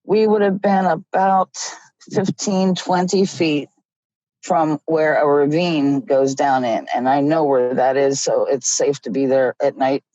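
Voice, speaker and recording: Here a guest, a middle-aged Ohio woman, slowly recounts a casual story in a low voice, lively and frequently laughing. Her recording sounds dull and lo-fi, close-miked and completely dry without any sense of room.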